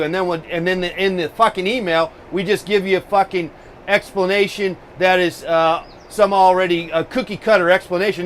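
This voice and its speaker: A man's voice: sits high, steady tone, brisk, fairly bright tone, a little hiss or hum. A man hosting a live painting stream, chatting casually and ranting profanely about technology in exasperation.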